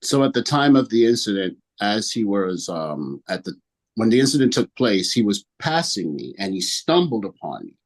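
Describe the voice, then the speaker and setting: A man's voice: fairly low pitch, very animated, moderate pace. A young man testifying at a hearing over a video call, rambling through his story and acting out what others said. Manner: rambling storyteller, acts out quotes in other voices. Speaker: witness at a licensing hearing.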